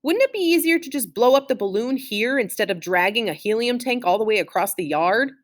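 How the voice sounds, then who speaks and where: A woman's voice: fairly high pitch, animated, brisk, natural voice. A woman voicing a jittery young male squirrel who panics and shrieks his lines over and over. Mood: puzzled.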